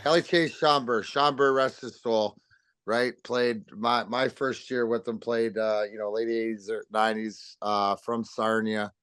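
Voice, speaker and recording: A man's voice: on the low side, a little slow, clean tone, no room sound. A man in his fifties, a former pro hockey player, telling stories as a podcast guest, cursing freely and restarting his sentences. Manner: swearing, rambling with restarts, animated. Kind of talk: casual storytelling chat.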